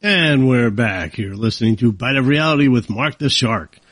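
A man hosts a talk radio show, ranting with indignant heat. His husky voice swings widely in pitch, jumping up when he gets riled. The studio sound is dry and close. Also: lively intonation, normal speed, fairly bright tone, dry recording, soft background music. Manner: heated, indignant, rising to outbursts. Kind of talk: opinionated talk radio monologue.

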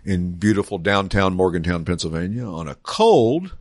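A low-pitched man hosting a casual car podcast from a small studio. He rambles in an easygoing way and chuckles between thoughts. The sound is dry and close. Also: very animated, moderate pace, dry recording. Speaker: podcast host. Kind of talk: casual radio-style podcast chat.

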